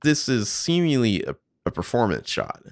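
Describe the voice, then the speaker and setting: A man's voice: medium pitch, huge pitch swings, normal speed, no echo, studio quality. A man casually commenting on behind-the-scenes footage, swearing freely and thinking aloud.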